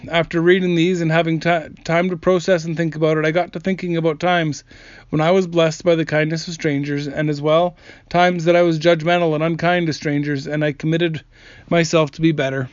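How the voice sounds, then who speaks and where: A man's voice: a little high, level tone, fairly quick, clear, resonant tone, no room sound. A man earnestly reading aloud stories from comments and adding his own remarks, with small slips and restarts now and then. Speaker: narrator reading viewer comments. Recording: dry, slightly dull lo-fi recording.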